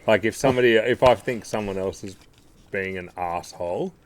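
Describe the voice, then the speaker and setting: Aussie guy on a podcast, swears a lot, kinda low voice. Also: moderate pace. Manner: blunt, sweary storytelling. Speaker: podcast co-host. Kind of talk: casual chat.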